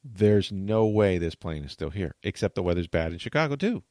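A man hosting a talk show, telling a long story in animated, chatty fashion and acting out what people said. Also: sits low, normal speed, dry recording, clean studio sound. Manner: tells long stories, acts out quotes.

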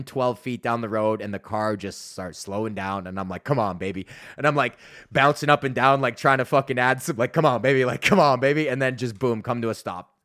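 A Canadian man in his thirties, a podcast host and comedian, tells a rambling, profane story in casual chat. His voice is mid-range with a fairly bright tone.

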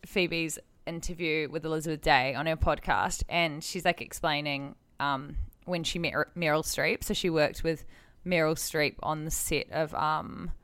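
A woman podcast host talks in a relaxed, slightly hesitant manner. Her voice is very low, and the recording is close and dry. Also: measured pace, few pauses, no room sound. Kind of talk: casual chat.

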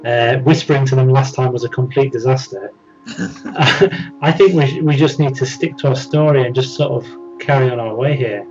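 A man's voice: mid-range voice, normal speed. Man, tabletop player, hesitant restarts, faint music, dull lo-fi. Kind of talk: casual tabletop play.

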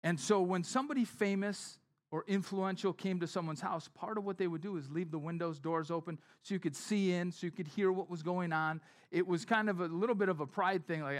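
A pastor preaches a sermon in a conversational way, acting out the people in the story. He voices their quotes by shifting his pitch and volume.

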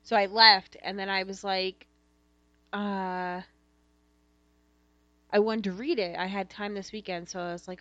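A woman's voice: medium pitch, flat delivery, moderate pace, pauses often, bright, forceful tone, no echo, muffled recording. A woman with an everyday mid-range voice, chatting loosely on a podcast. She jokes about herself and swears freely. The sound is close and dry, with no room around it. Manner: joking, self-deprecating, swears casually. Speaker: podcast co-host. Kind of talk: casual chat.

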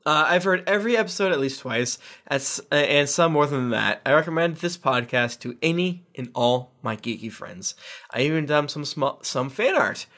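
A man's voice: on the high side, animated, moderate pace, pushed and bright. A man hosting a podcast, reading listener reviews aloud with playful emphasis. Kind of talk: casual podcast chat.

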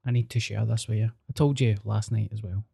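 Young Glaswegian male co-host, mellow tone, sweary storyteller. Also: lowish voice, fairly even intonation, a little fast, vocal fry, breathy edge. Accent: Scottish, Glaswegian. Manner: sweary, storytelling, acts out voices. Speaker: podcast co-host. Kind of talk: casual chat.

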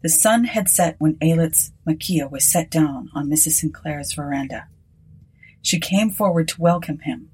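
Breathy woman reading a story. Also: low voice, unhurried, poor audio. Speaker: narrator. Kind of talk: storybook narration.

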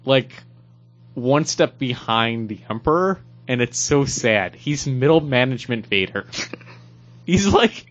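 A man's voice: a little high, fairly bright tone. A man co-hosting a podcast, joking around and laughing often while talking about comic books. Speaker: podcast co-host. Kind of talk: casual comic book discussion. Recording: dull lo-fi podcast audio.

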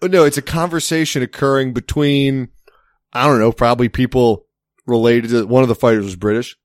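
A man's voice: mid-range voice, steady tone, fairly quick, no echo, clean studio sound. A man in casual chat, telling a rambling story with plenty of swearing and laughter.

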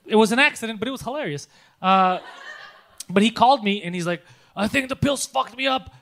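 A man co-hosting a casual podcast, telling animated, profanity-laced stories and laughing often. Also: sits high, fairly quick, vocal fry. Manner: animated storytelling, swears a lot, laughs often. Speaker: podcast co-host.

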